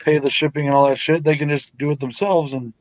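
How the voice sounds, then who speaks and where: Guy hosting a chill livestream, swears a lot, kinda higher voice. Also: fairly even intonation, fast, dry recording, muffled recording. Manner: blunt, swears freely. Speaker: host. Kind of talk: casual livestream chat.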